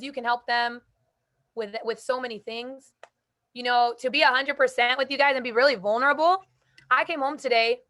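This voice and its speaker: Young woman, high pitch, bright voice, energetic motivational call talk, casual slang. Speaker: host speaking to a call group.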